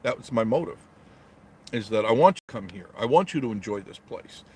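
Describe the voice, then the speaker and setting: A man's voice: on the low side, animated, a little fast, husky. Middle-aged male vlogger from New York, blunt and wisecracking, live from his car. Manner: blunt, joking, reads viewer comments aloud and answers them. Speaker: travel vlogger reading live chat. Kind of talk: casual live-stream chat from a parked car. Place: inside a car in traffic.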